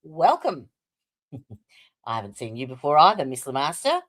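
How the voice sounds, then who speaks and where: With a low, sing-song voice and a slightly slow pace, an Australian woman runs a laid-back livestream. She chats freely, says hello to viewers by name, and fills her speech with fillers.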